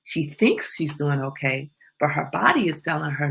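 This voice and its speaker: Middle-aged woman, casual live-stream host, animated, bright and husky. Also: sits low, moderate pace, hardly any pauses. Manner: animated, laughs a lot.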